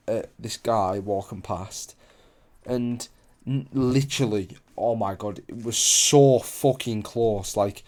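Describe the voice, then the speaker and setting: Young man, casual teller of a wild tale, mid-pitched, meandering and foul-mouthed. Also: a little mellow. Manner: rambling, heavy swearing, loses his place. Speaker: storyteller. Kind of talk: casual storytelling.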